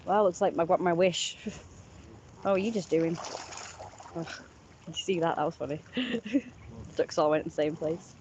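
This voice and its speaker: A woman's voice: lowish voice, normal speed, pauses often, darkish tone, highs cut off, a little hiss or hum. A young woman chatting casually in a vlog outdoors by a pond, giggly and talking to the ducks. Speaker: vlogger.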